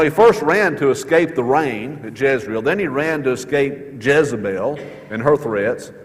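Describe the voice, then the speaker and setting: Man preaching a sermon in a reverberant hall. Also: fairly high pitch. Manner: earnest, repeats key questions for emphasis. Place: church sanctuary.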